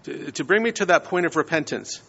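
Man preaching with a gravelly voice. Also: fairly high pitch, expressive, fairly quick, pushed and bright, big-room sound, highs cut off. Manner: conversational, frequent "right?" tags. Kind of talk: sermon.

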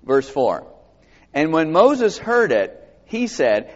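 A man's voice: on the high side, slow. A man preaching a conversational sermon to a congregation, reading scripture aloud and asking them questions. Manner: animated, expressive, asks the congregation questions. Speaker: pastor. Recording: dull sound with long hall reverb.

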